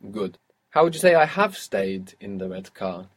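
A man's voice: fairly low pitch, very animated, moderate pace. A man teaching a language lesson, patiently prompting a student and praising each answer. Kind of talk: guided audio language lesson.

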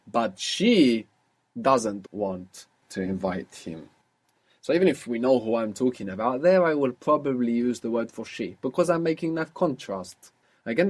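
Male language teacher, slightly husky, patient, quizzes a learner and repeats answers back. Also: medium pitch, darkish tone. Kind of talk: guided spoken lesson.

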